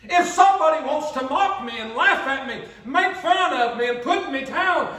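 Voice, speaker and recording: A pastor, delivering an impassioned sermon and acting out the voices of believers. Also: male voice, extremely high pitch, animated, normal speed, sharp tone, far from the mic. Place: church sanctuary. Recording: echoey church sanctuary, mic from afar.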